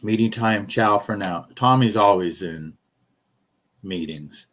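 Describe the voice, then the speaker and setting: A man's voice: on the low side, takes it slowly, fairly bright tone. A man rambling through casual live-stream commentary, jokey and profane, telling stories.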